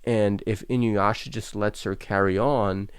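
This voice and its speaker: A young man with a fairly low voice talks through an anime episode in casual reaction commentary, circling back and restarting his sentences as he stammers along. The sound is close and dry, with no room around it. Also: fairly even intonation, a little slow, smooth, dry recording. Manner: rambling, stammers and restarts often.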